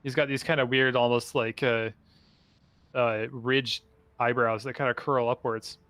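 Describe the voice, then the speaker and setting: A man's voice: medium pitch, little pitch movement, a bit bright, dry recording. A man running a tabletop game as dungeon master over a video call, rambling and often restarting his sentences. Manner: rambling, halting, many restarts.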